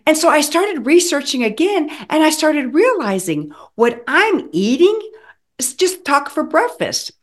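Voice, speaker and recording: A woman in her sixties telling her own story in an animated, dramatic way, acting out the lines of people in it. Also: high-pitched, unhurried. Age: 60s. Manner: animated, dramatic retelling with acted quotes. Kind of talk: personal storytelling.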